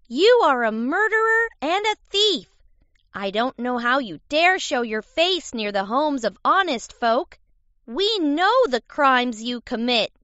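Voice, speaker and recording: A woman's voice: high voice, big pitch swings, slow pace, a bit bright, clean tone, no echo, voice pushed up, full character voice. A woman voicing a cocky young goat who taunts from safety. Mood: taunting. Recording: dull lo-fi recording.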